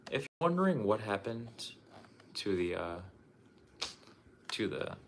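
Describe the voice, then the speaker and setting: A man's voice: lowish voice, big pitch swings, measured pace, fairly bright tone, slight background noise. A young man chatting casually on a livestream as he shows off his collection, loose and profane, restarting his sentences often. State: out of breath. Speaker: streamer showing his game collection.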